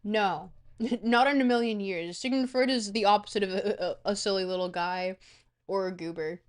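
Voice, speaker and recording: A woman's voice: medium pitch, normal speed. A woman streamer in a casual livestream chat, goofy and rambling, swearing freely.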